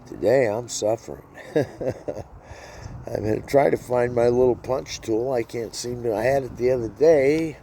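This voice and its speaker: A man's voice: mid-range voice, measured pace, gravelly, dark tone, slight background noise. A man in his sixties talking bluntly and wearily in a rambling personal vlog, swearing freely. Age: 60s. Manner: blunt, profane, weary. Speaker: vlogger. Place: outdoors.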